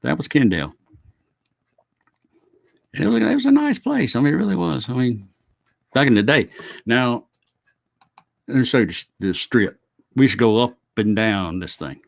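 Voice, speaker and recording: A man's voice: mid-range voice, very animated, moderate pace, gravelly, long pauses, no echo. Folksy middle-aged man, dry close sound. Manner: folksy, rambling, chuckles and swears as he reminisces. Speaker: vlogger. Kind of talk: casual storytelling.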